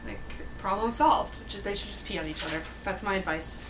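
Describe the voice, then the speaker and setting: A woman's voice: medium pitch, fairly quick, few pauses, background noise. A young woman chatting casually to camera about a book, blunt, sarcastic and swearing freely. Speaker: book reviewer vlogger.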